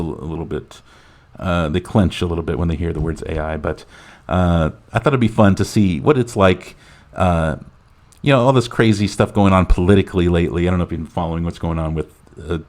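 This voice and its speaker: A man hosting a movie podcast, talking casually and loosely with many fillers. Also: sits low. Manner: relaxed, frequent uh fillers. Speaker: podcast host.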